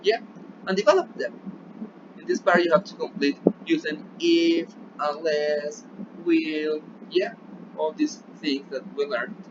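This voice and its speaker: A male English teacher with a Colombian Spanish accent walks his students through a recorded remote lesson, often pausing to ask "yeah?". His voice sits a little higher than most men's. The recording is dull and lo-fi, with clear noise behind him. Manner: switches between English and Spanish, checks in with "yeah?".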